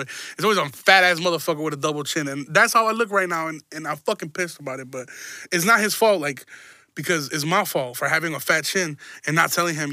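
Bright-voiced profane young man. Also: fairly high pitch, lively intonation, quick pace, no echo, clean studio sound. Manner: profane, rambling, self-mocking. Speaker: podcast host. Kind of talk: crude comedic podcast monologue.

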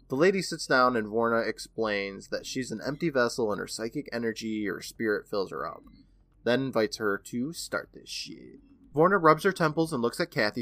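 A man's voice: medium pitch, animated, normal speed, fairly bright tone, no room sound. A man in his thirties co-hosting a podcast, eagerly retelling an episode in casual chat and laughing often. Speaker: podcast co-host.

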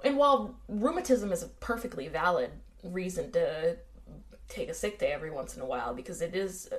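A woman's voice: on the low side, animated, a little fast. An American woman co-hosting a casual true-crime podcast, chatty and wry, with lots of fillers. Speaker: podcast co-host.

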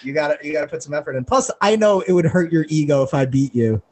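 A man's voice: a little high, lively intonation, fast talker, darkish tone. A man co-hosting a podcast in loose casual chat, swearing freely and laughing often. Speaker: podcast co-host.

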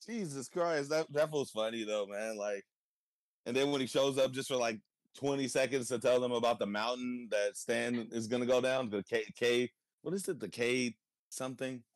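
A man from California with a Californian accent, chatting casually in a relaxed way, swearing and laughing a lot. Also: medium pitch, moderate pace, no room sound. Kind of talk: casual chat.

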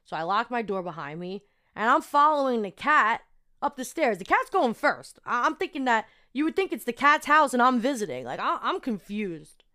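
A young woman hosting a podcast, telling a personal story in a chatty, animated way with lots of fillers. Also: a little high, normal speed. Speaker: podcast host. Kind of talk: casual storytelling monologue.

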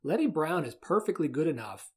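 A man's voice: fairly high pitch, big pitch swings, a little fast, a little mellow, breathy edge. A man hosting a casual college sports podcast, chatting and reading a sponsor spot in a loose, self-deprecating way. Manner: chatty, self-deprecating, reads ads conversationally. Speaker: podcast host.

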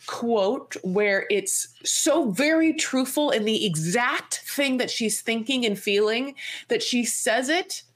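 A woman co-hosting a podcast, chatting casually and gossiping as she recaps, acting out quotes with animated jumps in her voice. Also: fairly high pitch, slow pace. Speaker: podcast co-host.

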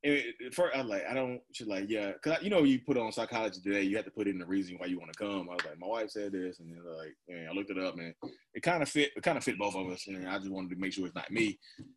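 Husky man in his thirties, candid and rambling. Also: sits low, fast talker. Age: 30s. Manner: casual, rambling, laughs often, quotes himself in asides. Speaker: interview guest. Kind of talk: candid personal conversation.

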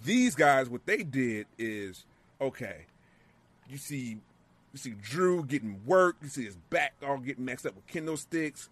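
A man in casual podcast chat, excitable and profane, acting out moments with yells. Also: medium pitch, a little slow. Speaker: wrestling show co-host.

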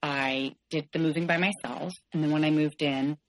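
Low-voiced woman telling her story frankly. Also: steady tone, rough recording. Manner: frank, halting, with many "like"s and self-corrections. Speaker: podcast guest. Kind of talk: candid personal storytelling.

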